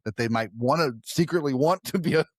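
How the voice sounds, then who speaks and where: Rambling podcast host, dry close voice. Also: male voice, fairly high pitch, fairly quick, no room sound. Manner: rambling, trailing off and restarting often. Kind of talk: casual podcast chat.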